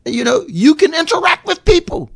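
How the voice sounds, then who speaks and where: A middle-aged man from Bermuda talks on a radio call-in show with a fairly high voice. He rambles, repeats words and tells stories with animation. The studio sound is dry and close. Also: very animated, moderate pace, gravelly, no room sound. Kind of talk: casual radio chat.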